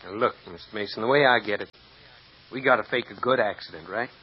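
A man's voice: on the low side, fast talker, breathy edge. An actor playing a nervous male stunt driver with a folksy drawl in a 1950s radio drama. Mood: uneasy. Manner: folksy drawl, plain country speech. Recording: dull lo-fi old radio recording.

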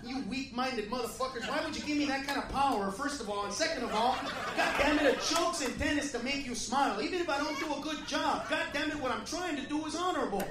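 Loud crude high-voiced stand-up comic. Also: male voice, quick pace, background noise. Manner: loud, crude, confrontational with the audience. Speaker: stand-up comedian. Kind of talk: profane stand-up routine. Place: comedy club stage. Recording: echoey club from a distant mic, crowd laughter. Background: audience laughing.

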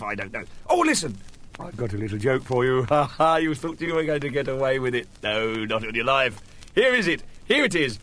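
A man's voice: medium pitch, very animated, moderate pace, vocal fry, a bit bright. A middle-aged man, hosting a comic radio segment in a rambling, joking, self-mocking way. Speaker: host.

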